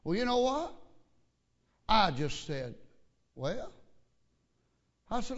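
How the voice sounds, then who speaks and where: A man's voice: sits high, big pitch swings, slow pace, a bit bright, lo-fi sound. A man pastor telling a story in a sermon, folksy and repetitive with stammering restarts. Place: church.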